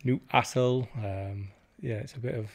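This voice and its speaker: Male podcast host, relaxed, inquisitive, casual conversation. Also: medium pitch, a little slow, vocal fry. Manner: relaxed, curious, laughs along.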